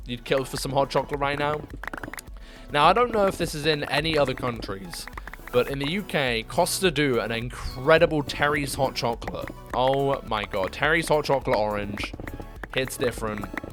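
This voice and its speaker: Young man, British accent, middle pitch, casual livestream chat, laughs often, faint background music. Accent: British English. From United Kingdom. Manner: chatty, laughs often, bursts into high-pitched disbelief. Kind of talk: casual chat with stream viewers.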